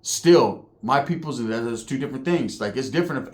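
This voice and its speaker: A man telling prison stories in a casual monologue, animated and profane, heavy on street slang, acting out the people he describes. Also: mid-range voice, fast, hardly any pauses. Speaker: storyteller recounting prison life.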